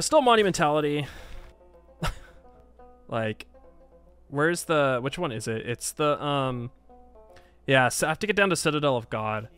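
A man's voice: fairly high pitch, lively intonation, moderate pace, pauses often, fairly bright tone, smooth. Gamer dude ranting at his strategy game, voice jumping all over, faint music behind. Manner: exasperated, frustrated, thinking aloud. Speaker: gaming YouTuber. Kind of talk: let's play commentary.

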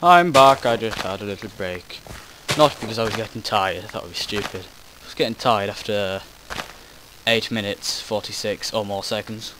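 In a fairly low, flat voice at normal speed, a gaming commentator meanders through remarks over his recorded gameplay, often dropping his thought, interrupting himself and swearing. The background is noisy.

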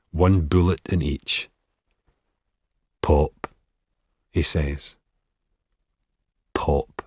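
A man narrating an audiobook in a measured, steady way. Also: extremely low pitch, husky, no echo, clean studio sound.

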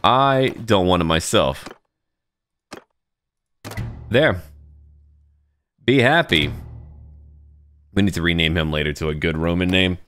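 A man's voice: deep voice, slow pace, pauses often, fairly bright tone, soft background music. A man giving casual let's-play commentary, thinking aloud and talking to his troops as he plays. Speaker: gaming YouTuber.

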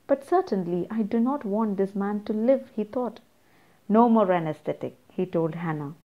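A woman teacher with an Indian English accent, reading a story aloud slowly and stopping to explain words and tell students what to underline. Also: mid-range voice, animated, muffled recording.

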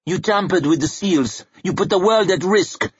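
A man's voice: high voice, moderate pace, breathy edge, dry recording, voice pushed up. A man doing a fierce, bitter woman warrior. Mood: accusing. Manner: accusing, harsh. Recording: dry muffled recording.

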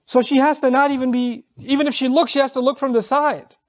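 A man's voice: very high-pitched, fairly even intonation, a little fast. A man preaching a sermon, telling a story with feeling, acting out the voices of its people and reciting verses in Arabic.

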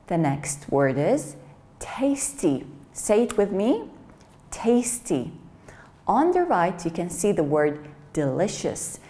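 A woman teacher giving a slow, clear English vocabulary lesson for children. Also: on the low side. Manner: slow, clear, lively classroom delivery.

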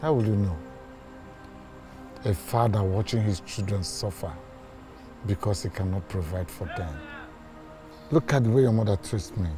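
A man's voice: fairly low pitch, moderate pace, pauses often, music in the background, lightly acted. A Nigerian actor playing a poor father, bitter and pained that he cannot provide for his children. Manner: pleading, emotional, bitter.

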